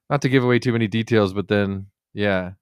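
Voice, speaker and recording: A man co-hosting a podcast, telling relaxed, playful stories from a comedy tour in casual chat. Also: lowish voice, moderate pace, smooth, no echo, studio quality. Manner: relaxed storytelling with playful asides.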